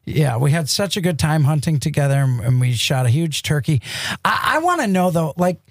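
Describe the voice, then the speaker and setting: A middle-aged man hosting a studio talk show, enthusiastic and excitable in casual chat. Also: a little high, a little fast, dry recording. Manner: excitable, enthusiastic, talks in bursts. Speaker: radio show host.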